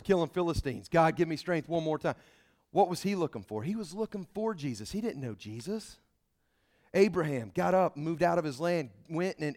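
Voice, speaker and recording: A man preaching a sermon in a casual, folksy way, emphatic and animated, swinging between loud outbursts and quiet asides. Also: fairly high pitch. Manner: casual folksy phrasing with many restarts.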